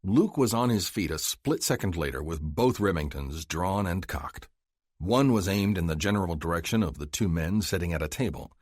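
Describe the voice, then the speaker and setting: A man doing scripted narration of an audiobook in a measured storytelling manner. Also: low-pitched, lively intonation, darkish tone, dry recording, clean studio sound.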